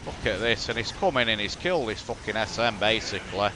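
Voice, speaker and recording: A Yorkshireman from England commentates a replay of his own strategy game, his banter blunt, sweary and exasperated. His voice is on the low side and a little fast, with background noise behind it.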